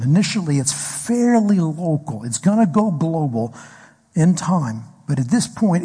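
A man's voice: on the high side, warm tone, slightly rough. A man preaching a sermon as pastor, telling a story and asking the congregation questions. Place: church hall. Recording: echoey hall recording.

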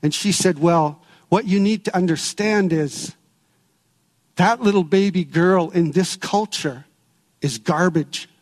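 A man preaching a sermon, telling stories and stressing key words with measured pauses. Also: high voice, long reverb tail. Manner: preaching with storytelling and emphatic pauses. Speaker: pastor.

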